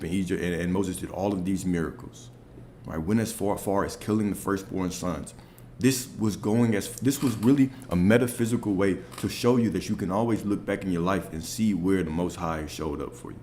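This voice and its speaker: Deep-voiced man teaching spiritual lessons. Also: dark tone, slight background noise. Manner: conversational, many rhetorical "right?" checks. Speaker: spiritual coach.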